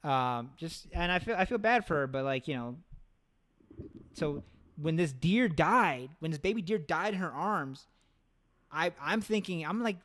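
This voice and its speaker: A man's voice: sits high, a bit bright. A man hosting a podcast, telling rambling stories in casual chat, swearing freely. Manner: rambling, profane storytelling. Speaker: podcast host.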